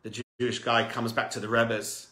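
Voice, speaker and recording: A man preaches in a bright, forceful voice that rings through an echoey room. He tells his stories dramatically, dropping to near-whispers before building to fervent, rising appeals. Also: medium pitch, little pitch movement, moderate pace. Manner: dramatic storyteller, swings from hushed to fervent. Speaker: rabbi. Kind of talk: storytelling sermon.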